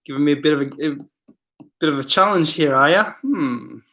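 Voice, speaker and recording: Male stream host, slightly high and bright, chatty and hesitant as he reads out viewer comments. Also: lively intonation, fairly quick. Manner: rambling, hesitant, many fillers, reads comments aloud. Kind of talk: casual live chat.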